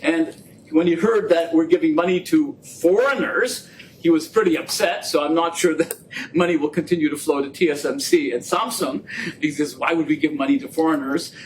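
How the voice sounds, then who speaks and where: A man giving a public lecture, telling anecdotes with acted-out dialogue in an animated way. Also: moderate pace. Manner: animated storytelling, acts out quoted exchanges. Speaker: guest lecturer. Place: lecture room. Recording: distant mic with faint rumble.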